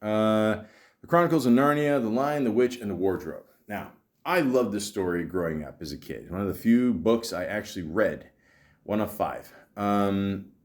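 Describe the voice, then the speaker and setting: A podcast host with a low voice, talking casually and loosely about films. He rambles, restarts his sentences and fills the gaps with "uh" and "you know." His tone is relaxed and sprinkled with swearing. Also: moderate pace. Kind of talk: casual film-talk podcast chat.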